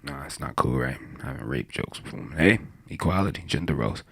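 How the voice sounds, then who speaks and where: Delivering a stand-up routine, this young comedian has a low, deep voice with some grit to it. He talks fairly quickly with lively intonation, rambling through crude jokes and often cracking up at them himself.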